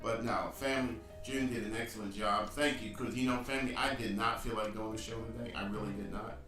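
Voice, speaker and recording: A man's voice: fairly low pitch, steady tone, fast, pushed and bright, reverberant, distant mic, soft background music. A man co-hosting a live online show, teasing his co-host, laughing often and calling the viewers family. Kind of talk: casual chat, reading viewer comments.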